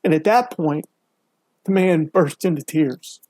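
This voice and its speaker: A man's voice: on the high side, a little slow, darkish tone, no echo. A man who is a guest speaker on a podcast, telling a story in an emphatic, earnest way. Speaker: guest, mental health speaker.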